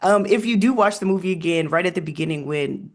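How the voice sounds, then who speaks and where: A man's voice: sits high, quick pace. A man speaking as a historian guest in a casual interview, telling stories with frequent ums and laughs.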